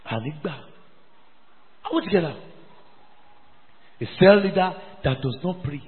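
Brief: high, animated preacher, scolding and repetitive, tinny phone-like sound. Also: male voice, a little slow, in a large hall. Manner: emphatic, repeats phrases, scolding. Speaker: pastor. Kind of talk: sermon.

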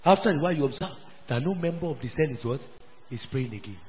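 Brief: high, animated preacher, scolding and repetitive, tinny phone-like sound. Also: male voice, fast, big-room sound. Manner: emphatic, repeats phrases, scolding. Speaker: pastor. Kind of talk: sermon.

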